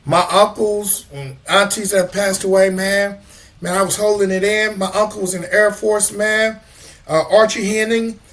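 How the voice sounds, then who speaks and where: A man's voice: high-pitched, steady tone, moderate pace, fairly bright tone. A man co-hosting a talk show, speaking from the heart and ending most phrases with "man". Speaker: co-host. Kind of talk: casual talk show chat.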